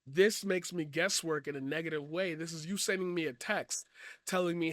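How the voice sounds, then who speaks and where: A man giving a profane, blunt commentary rant, swinging from loud shouting to quiet earnest talk. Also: a little high, steady tone, normal speed, no room sound, studio quality. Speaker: commentary streamer. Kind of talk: ranting commentary.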